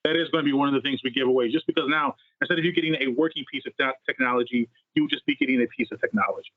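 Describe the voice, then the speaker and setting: A man's voice: medium pitch, steady tone, racing, no room sound. A man co-hosting a gaming podcast in casual chat, talkative and upbeat with playful puns. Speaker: podcast co-host. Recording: tinny phone-like line, dry.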